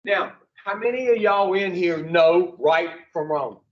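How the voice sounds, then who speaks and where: A man's voice: high voice, unhurried. A man leading an addiction recovery class, blunt and profane, quizzing the group in front of him. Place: room with a group. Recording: roomy, distant, dull lo-fi.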